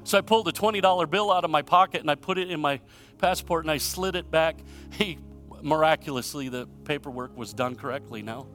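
A pastor from Michigan delivers a sermon in a fairly high, bright voice. He tells stories and poses rhetorical questions, swinging from loud emphasis to quiet, hushed lines. Soft music plays faintly underneath. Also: brisk. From Michigan, USA.

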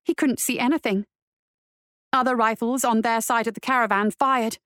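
A woman narrating a western adventure story in a steady storytelling voice. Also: on the high side, normal speed, no room sound, studio quality. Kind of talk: audiobook narration.

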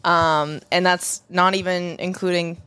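A woman's voice: lowish voice, level tone, unhurried, bright, forceful tone, clean tone, no room sound. Crude, laughing woman in her twenties. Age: 20s. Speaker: podcast co-host. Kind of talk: casual chat.

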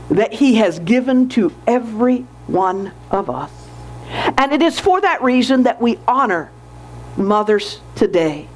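A woman preacher giving a sermon in a deliberate, emphatic way. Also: a little high.

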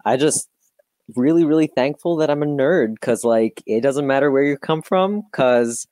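A man's voice: medium pitch, darkish tone, no echo, clean studio sound. Laid-back podcast host, man. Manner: laid-back listener, quick laughs and short reactions. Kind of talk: casual podcast chat.

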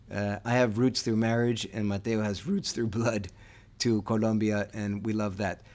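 A man co-hosting a history podcast in casual chat, enthusiastic and eager as he wraps up the episode. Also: fairly low pitch. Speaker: podcast co-host.

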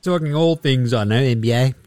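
A man's voice: medium pitch, brisk, darkish tone, dry recording, studio quality. An Australian man in his thirties hosting a casual sports podcast, chatty and swearing a lot as he acts out quotes. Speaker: podcast host.

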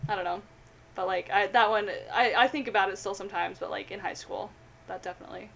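A woman's voice: medium pitch, fairly even intonation, fast, gravelly, a bit bright. A young woman co-hosting a podcast, gushing and giggly, with many fillers. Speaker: podcast co-host. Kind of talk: casual chat. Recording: faint background noise, lo-fi podcast audio.

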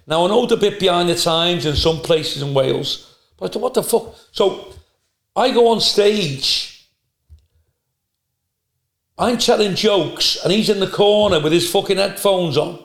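A male stand-up comedian telling profane, animated anecdotes in a casual podcast chat. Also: high-pitched, unhurried, vocal fry, pauses often. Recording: roomy echo.

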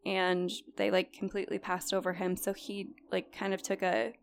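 Chatty young woman with a gravelly edge. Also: mid-range voice, normal speed, a little hiss or hum. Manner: chatty, many likes and you-knows, lively retelling. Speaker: podcast co-host telling a true story. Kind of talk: casual storytelling chat.

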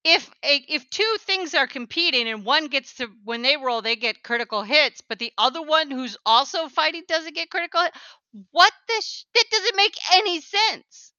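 A woman's voice: high voice, moderate pace, bright, forceful tone, dry recording. A woman co-hosting a casual podcast chat, ranting in exasperation and swearing freely, on a slightly dull recording. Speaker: podcast co-host.

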